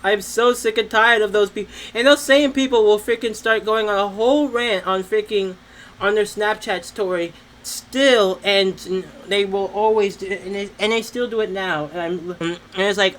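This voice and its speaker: A teenager from New Jersey co-hosting a casual podcast, rambling with many restarts and breaking into loud mocking impressions. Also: medium pitch, fairly even intonation, normal speed, a little hiss or hum, low-quality recording. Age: teen. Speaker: podcast co-host. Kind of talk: casual chat.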